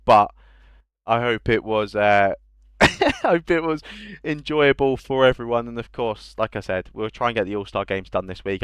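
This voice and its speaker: A man's voice: lowish voice, smooth, no room sound. A man hosting a casual livestream awards show for a gaming league, chatting in banter and reading out lists of player names. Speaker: esports league host.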